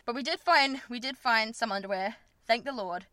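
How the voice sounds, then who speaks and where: A woman's voice: fairly high pitch, moderate pace, bright, forceful tone, no room sound. A young woman, hosting a podcast and talking frankly and rambling about her personal life, with lots of fillers and self-conscious laughs. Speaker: podcast host. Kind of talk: candid personal chat.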